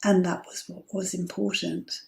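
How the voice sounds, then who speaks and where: A woman in her fifties telling a personal story as host, chatty and amused, with breathy asides. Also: fairly low pitch, little pitch movement, normal speed, darkish tone, roomy sound. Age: 50s.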